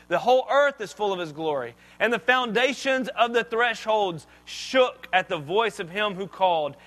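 Bright, high-voiced male pastor preaching. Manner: conversational, joking asides. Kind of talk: sermon.

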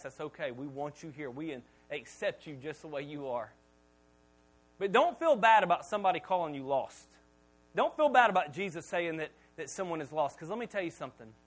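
High-voiced animated male pastor. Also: rough recording. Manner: animated storytelling with humor; repeats words when starting sentences. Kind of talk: sermon.

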